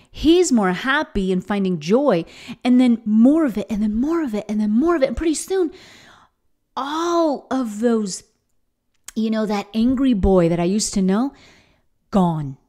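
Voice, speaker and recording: A woman's voice: medium pitch, darkish tone. Middle-aged woman, enthusiastic inspirational faith speaker, earnest storyteller. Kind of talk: motivational faith talk.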